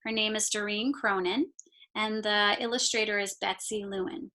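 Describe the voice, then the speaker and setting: A woman teacher reading a picture book aloud to her class, slow and expressive, stopping to point out the pictures. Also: medium pitch. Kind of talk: read-aloud storytime.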